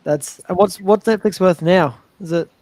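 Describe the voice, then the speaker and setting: A man's voice: sits high, normal speed, a little mellow, no room sound. A man co-hosting a casual livestream, reading viewer questions in a hesitant way with many fillers.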